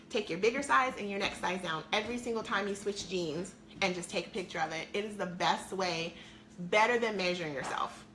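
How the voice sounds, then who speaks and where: Upbeat chatty woman with a bright voice. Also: medium pitch, a little hiss or hum. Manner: chatty, upbeat, talks straight to viewers. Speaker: weight-loss coach selling a program. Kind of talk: live-streamed chat to viewers. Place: at home.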